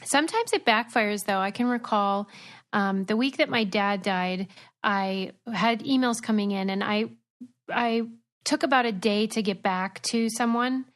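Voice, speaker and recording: A woman's voice: medium pitch, unhurried. A woman co-hosting a podcast, telling candid personal stories in casual chat. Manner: candid storyteller. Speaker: podcast co-host.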